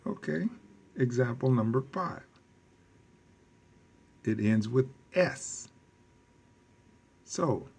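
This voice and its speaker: Slow, deliberate male language teacher. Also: lowish voice, vocal fry, darkish tone, husky. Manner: slow and deliberate, quizzing the class; repeats key phrases for emphasis. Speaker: Spanish teacher. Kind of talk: recorded classroom lesson.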